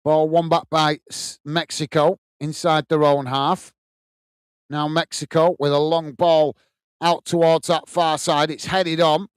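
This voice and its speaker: A man from the UK hosting a live football watch-along, calling the play and warmly greeting viewers by reading their chat messages aloud. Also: a little high, level tone, measured pace, clear, resonant tone, no echo. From United Kingdom. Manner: friendly, reads viewer comments aloud and greets them.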